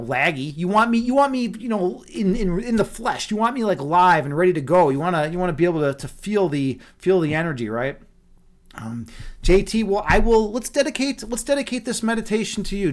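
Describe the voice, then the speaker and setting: A man with a high-set voice chats with his stream audience in a relaxed, joking way. He wanders through his thoughts and often restarts his sentences. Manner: playful, loose, many fillers and restarts. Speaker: livestream host reading chat. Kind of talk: casual rambling chat.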